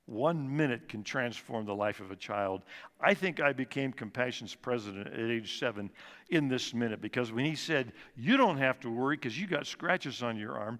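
A man in his sixties tells his life story from a church platform, with earnest, unhurried conviction. His mid-pitched voice rings out into a big hall with a long reverb tail, and he lets key words fall quiet for weight. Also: animated. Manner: earnest storytelling, slows and drops soft for emphasis. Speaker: guest speaker at church service. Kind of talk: personal testimony talk. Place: church sanctuary.

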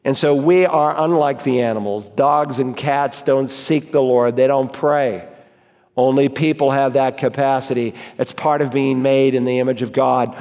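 A man, a pastor, preaching an emphatic sermon and reading scripture slowly and deliberately. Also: medium pitch, steady tone, a little mellow. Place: church sanctuary. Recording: long reverb of a church hall.

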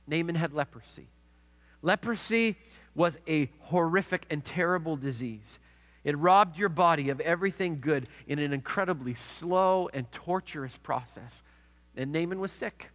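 A middle-aged man preaching a sermon, telling stories with dramatic swings between loud and hushed delivery. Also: high-pitched. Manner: storytelling, dramatic shifts in loudness. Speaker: pastor. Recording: long hall reverb.

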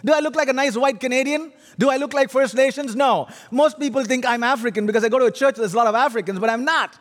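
Indian-accented preacher, high voice. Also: male voice, fast talker, in a large hall. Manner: humorous, animated, audience-teasing. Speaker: guest preacher. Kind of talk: sermon.

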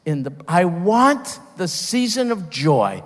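A man's voice: high voice, sing-song, slow pace, a bit bright, in a large hall. A man preaching a sermon, earnest and emphatic, stopping and restarting as he builds his points. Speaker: pastor.

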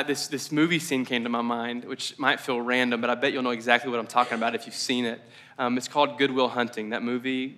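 A man preaching a casual, conversational sermon, slowing down for emphasis and adding rambling asides. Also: mid-range voice, bright, forceful tone. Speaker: pastor. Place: church service.

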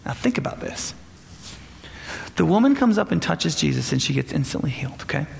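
A man delivers a sermon with a high, lively voice that jumps around in pitch. His tone has a gravelly edge, and he keeps throwing rhetorical questions at the listeners. The sound carries a long hall reverb. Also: a little fast. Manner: animated, conversational, frequent rhetorical "right?". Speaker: preacher.

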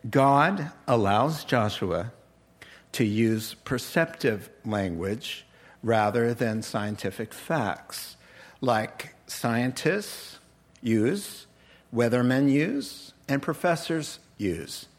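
A man preaching a sermon as pastor, animated and joking with laughing asides. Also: mid-range voice, drawn-out words.

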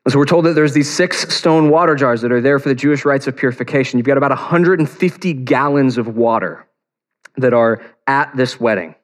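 A man delivers a sermon in a relaxed, conversational tone, his voice sitting in an ordinary middle register. He speaks earnestly and leans into key phrases by slowing right down. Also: mid-range voice. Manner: conversational, earnest, slows for emphasis. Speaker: pastor.

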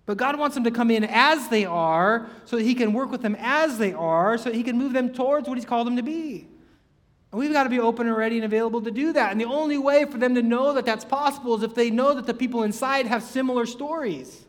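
A man's voice: extremely high pitch, quick pace, big-room sound. A man preaching a sermon in a conversational way, full of rhetorical questions and acted-out quotes.

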